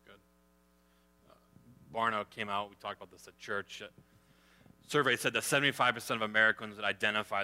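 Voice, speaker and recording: A man's voice: fairly low pitch, bright, forceful tone, clear, resonant tone. A man moderating a church discussion, affirming the others and citing survey figures in a matter-of-fact way.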